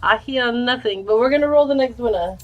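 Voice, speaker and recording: A chatty woman hosting a giveaway stream, with a voice sitting a little on the high side. She reads viewers' names and answers their chat questions in a relaxed, conversational way. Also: a little fast, highs cut off. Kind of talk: casual live-stream chat.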